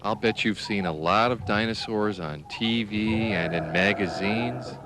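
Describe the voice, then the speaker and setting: A man gently explaining animals and dinosaurs to young children. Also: lowish voice, measured pace, noisy background. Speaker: children's video narrator. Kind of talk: teaching children about animals.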